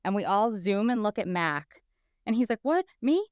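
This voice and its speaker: Female podcast co-host, smooth clear voice, dry close sound, lively storyteller. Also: medium pitch, normal speed, no echo. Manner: animated, acts out quoted people. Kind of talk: casual storytelling chat.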